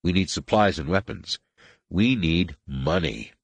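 Sarcastic older captain and father, deep and dry, voiced by a male reader. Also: lively intonation, unhurried, breathy edge, dry recording, exaggerated voice. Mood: matter-of-fact.

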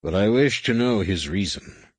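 Man doing a slow cold alien commander, husky, low-ish, every word a threat. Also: expressive, no echo. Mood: probing. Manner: slow, measured, coldly threatening. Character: cold menacing alien warrior commander, male.

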